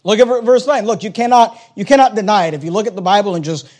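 A man's voice: sits high, quick pace, a little mellow. A male pastor preaching a sermon, emphatic and repetitive, pressing his points home.

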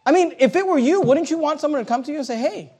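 High-voiced animated preacher man. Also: fast talker. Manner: animated preaching with acted-out dialogue and rising emphasis; blunt, joking asides. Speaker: pastor. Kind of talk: sermon.

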